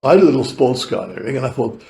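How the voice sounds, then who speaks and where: A man's voice: medium pitch, lively intonation, rapid-fire, vocal fry, a little mellow, roomy sound. A man in his eighties with a British accent, telling long rambling stories as a podcast guest, laughing often and swearing casually. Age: 80s. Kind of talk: rambling anecdotal storytelling.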